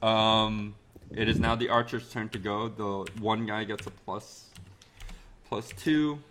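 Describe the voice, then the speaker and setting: Low-voiced man running a tabletop game. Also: fairly even intonation, slow, fairly bright tone, a little hiss or hum, poor audio. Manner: casual, rambling, chuckling. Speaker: game master.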